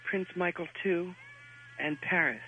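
A man doing a comedy impression of an eccentric male pop star with a soft, breathy, childlike voice. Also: high voice, unhurried, phone-quality sound, slight background noise. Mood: dreamy. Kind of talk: comedy impression on a call-in bit.

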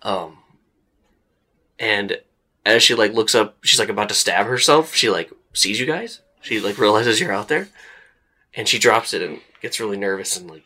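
Low-voiced young man narrating a game. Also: expressive, moderate pace, sharp tone. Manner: casual, lots of "like" and "uh" fillers. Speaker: game master.

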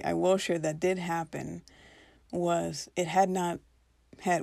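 A woman's voice: fairly low pitch, gravelly, a little mellow, no room sound. A woman telling a personal spiritual story in an earnest, reflective way, now and then acting out her own past reactions.

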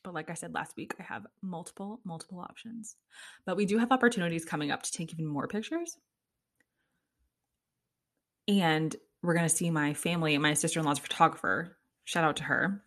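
A young woman rambling through her own casual podcast, chatty and exasperated, breaking into laughs and the odd swear. Her voice sits a little low for a woman. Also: fast talker, a bit bright. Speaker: podcast host.

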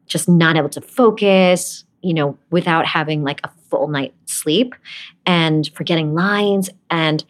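A woman's voice: deep voice, unhurried. A woman in her forties from Brooklyn, an actress chatting as an interview guest, rambling with asides and laughing often. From Brooklyn, USA. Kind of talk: casual interview chat.

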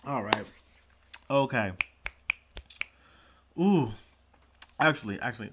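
A man's voice: mid-range voice, animated, unhurried, background noise. Young male podcast host, casual solo news chat, lots of "like" and "um", self-mocking. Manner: rambling, filler-heavy, self-deprecating.

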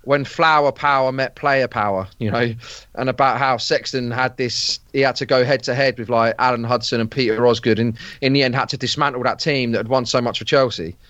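A man talking casually on a podcast, rambling and circling back with fillers and restarts. His voice sits mid-pitch. The sound is dry and slightly muffled. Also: steady tone, brisk, fairly bright tone, dry recording. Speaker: podcast guest. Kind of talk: casual chat.

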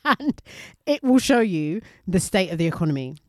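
A young woman, co-hosting a casual chat and telling a story with slang, swearing and quick laughs. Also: on the low side, very animated. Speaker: radio and podcast co-host.

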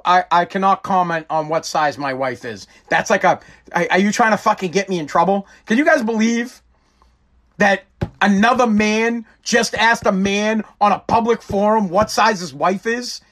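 A man's voice: sits high, a little slow, a bit bright. A man hosting a casual live-stream talk show, rambling and joking with frequent swearing. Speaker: show host.

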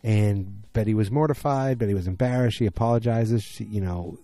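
A man's voice: fairly low pitch, fairly quick, dark tone, dry recording. A tired man recapping a TV episode late at night in a casual, rambling way, full of fillers and restarts.

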